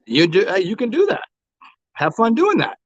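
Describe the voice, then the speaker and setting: A man's voice: high-pitched, wildly swooping pitch, normal speed, no room sound. A man hosting a livestream, arguing with chat viewers and repeating himself with frequent stammers. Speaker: livestream host. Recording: dull, lo-fi dry home recording.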